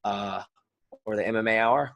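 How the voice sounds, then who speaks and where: A man co-hosting a casual podcast, talking in an animated, rambling way and swearing freely. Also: fairly low pitch, normal speed, gravelly. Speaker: podcast co-host, fighter. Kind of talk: casual chat.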